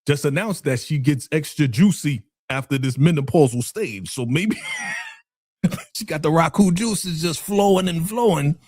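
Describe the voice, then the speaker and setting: A man hosting a casual TV recap chat, animated and laughing often, acting out the characters' dialogue. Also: on the high side, a little slow, no room sound, clean studio sound. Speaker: podcast host.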